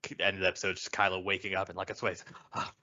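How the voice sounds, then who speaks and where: Man, podcast co-host, low-ish pitch, halting casual talk, muffled lo-fi audio. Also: flat delivery, pushed and bright. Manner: loose, halting, lots of "like" fillers. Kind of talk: casual riffing chat. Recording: dull lo-fi sound.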